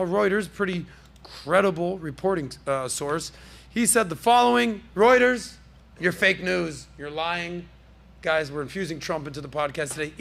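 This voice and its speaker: A high-pitched, gravelly man hosting his podcast with bright, forceful energy. He riffs through the news in an animated, jokey way and tosses asides to his crew. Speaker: podcast host.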